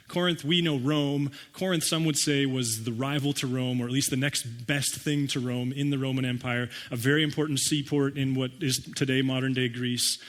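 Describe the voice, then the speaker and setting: A pastor preaching a conversational sermon, acting out listeners' reactions with wry humor. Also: male voice, medium pitch, a bit bright, long reverb tail. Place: church sanctuary.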